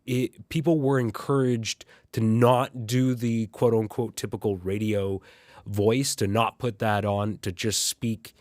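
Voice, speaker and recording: A man's voice: on the low side, fairly even intonation, unhurried, darkish tone, no room sound, clean studio sound. A man co-hosting a casual podcast chat, asking earnest questions and restarting his sentences often. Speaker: podcast co-host.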